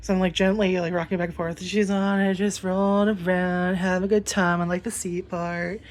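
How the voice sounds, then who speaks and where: Woman vlogger, casual storytime rant, slightly low voice, rambling, freely profane. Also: flat delivery, normal speed, a little mellow. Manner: rambling, swears freely, lots of fillers.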